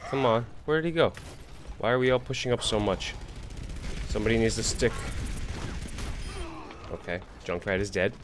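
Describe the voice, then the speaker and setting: Under a faint hiss, a tired male streamer mutters exasperated commentary over his game. His voice sits a little low and swings widely in pitch. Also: animated, normal speed, pauses often. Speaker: gaming streamer. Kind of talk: live gameplay commentary.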